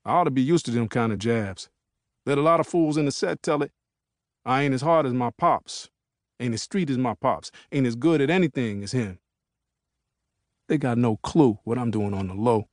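A man's voice: mid-range voice, animated, moderate pace, dry recording, clean studio sound. Laid-back male audiobook narrator. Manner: casual street vernacular, laid-back. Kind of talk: first-person audiobook narration.

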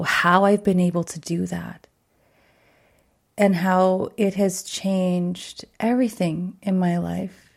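Woman podcast host, middle-aged, bubbly, laughs a lot, chatty, slightly low voice. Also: vocal fry, darkish tone. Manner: bubbly, laughs often, chatty with many fillers. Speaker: podcast host and wellness coach. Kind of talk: casual monologue.

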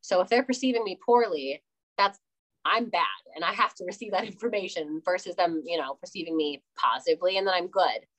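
A young adult woman talking as a guest in a casual interview, animated, laughing often and acting out quoted exchanges. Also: fairly low pitch, fairly quick, poor audio.

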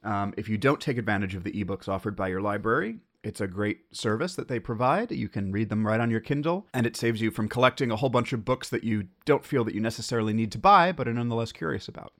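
A man's voice: fairly low pitch, quick pace, hardly any pauses, fairly bright tone. An American man hosting a podcast, talking through his thoughts in a wry, self-questioning solo monologue. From United States. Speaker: podcast host.

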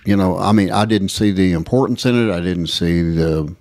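East texas guy cohosting christian radio, lowish voice, lots of ums, dead dry sound. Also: a little mellow, no echo. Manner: rambling, halting with fillers. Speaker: co-host. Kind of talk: casual radio talk.

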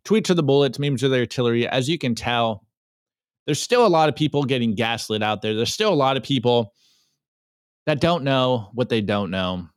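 A man hosting a solo podcast, reading memes aloud and rallying listeners, swinging from fired-up calls to low, earnest asides. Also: expressive, moderate pace, clear, resonant tone, no room sound, studio quality. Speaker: podcast host.

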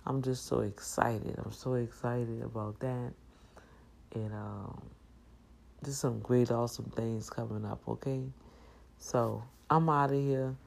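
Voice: mid-range voice, steady tone, measured pace, gravelly, a little mellow, poor audio. A middle-aged host talking in a casual monologue, emphatic and preachy, repeating key phrases.

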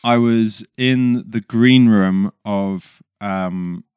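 Self-deprecating man, smooth low voice. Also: drawn-out words, a little mellow, no room sound, clean studio sound. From England. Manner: self-deprecating, laughs often. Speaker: podcast guest. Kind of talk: casual chat.

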